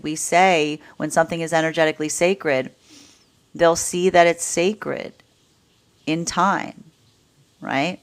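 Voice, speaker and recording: A woman with a low-pitched voice gives a live tarot reading. She talks in an animated, rambling way, tossing in "like" and "right?" as she goes, and she laughs often between points. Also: unhurried. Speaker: tarot reader.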